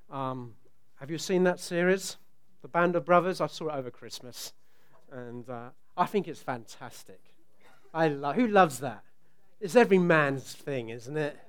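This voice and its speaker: A man's voice: a little high, clear, resonant tone. A middle-aged man preaching a conversational sermon, joking with the congregation and asking them questions. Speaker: pastor.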